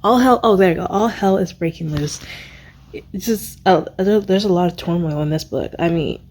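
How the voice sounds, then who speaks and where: A young woman vlogging about a book she just read, rambling and excitable, stopping to search for words. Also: fairly low pitch, moderate pace, slight background noise. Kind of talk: casual reading vlog recap.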